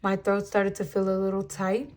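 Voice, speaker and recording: A woman's voice: medium pitch, monotone, darkish tone. A young woman giving a channeled tarot reading to her viewers, speaking earnestly and emphatically and drawing out her words. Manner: earnest, emphatic, drawn-out spiritual talk; addresses viewers as "guys". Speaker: tarot reader.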